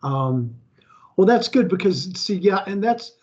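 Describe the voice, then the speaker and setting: High-pitched american guy, rambly casual chat, lots of restarts, dull lo-fi audio. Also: animated, a little slow. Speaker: co-host.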